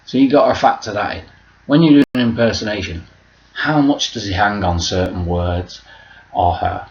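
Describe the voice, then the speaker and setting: A man's voice: fairly low pitch, lively intonation, moderate pace, highs cut off. A man rambling through a sweary vlog monologue and losing his train of thought. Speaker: vlogger.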